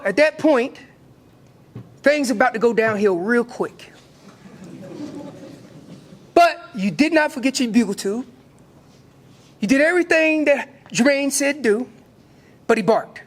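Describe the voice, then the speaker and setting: A man with an American accent teaching an elk calling seminar, lively and acting out what the elk would say. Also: very high-pitched, slow pace, long pauses. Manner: animated, acts out elk calls and voices. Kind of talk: hunting seminar talk.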